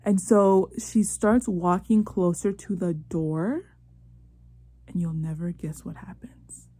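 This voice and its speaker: A young woman casually retelling a drama plot in slangy, excitable talk, acting out lines in quick voices. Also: on the low side. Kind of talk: casual animated storytelling.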